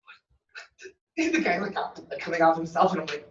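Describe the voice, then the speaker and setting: A woman student telling an animated story in class, with lots of "like". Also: deep voice, very fast. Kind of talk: casual anecdote in class. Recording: roomy, distant, lo-fi classroom audio.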